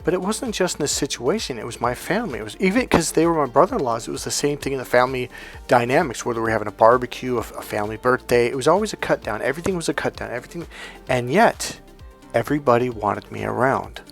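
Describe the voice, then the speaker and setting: A man speaks as a motivational coach. He has a mid-range voice and tells personal stories with emphasis, often asking rhetorical questions. Soft music plays quietly behind him. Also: medium pitch, animated, fast talker, vocal fry. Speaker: relationship and healing coach. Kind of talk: motivational talk to camera.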